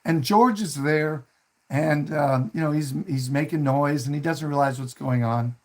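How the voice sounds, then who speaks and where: A man's voice: on the high side, measured pace, a little mellow. A man hosting a casual talk, retelling a film scene in a rambling way with many fillers and restarts, and acting out quoted lines in a raised voice. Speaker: host.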